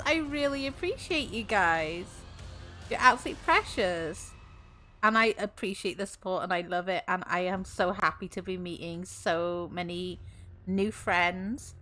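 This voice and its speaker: A woman's voice: mid-range voice, sharp tone. A young woman streaming as a VTuber, chatting casually and teasingly with viewers and laughing often.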